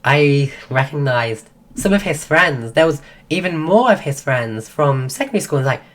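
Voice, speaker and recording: A woman hosting a livestream, telling a story casually and breaking off to greet viewers, acting out quotes in a higher voice. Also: expressive, moderate pace. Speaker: livestream host.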